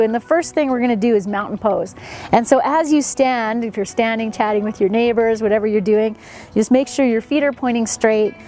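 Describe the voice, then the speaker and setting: A woman yoga instructor leads a session in a gentle, encouraging way, with a slightly high voice. Soft music plays faintly behind her.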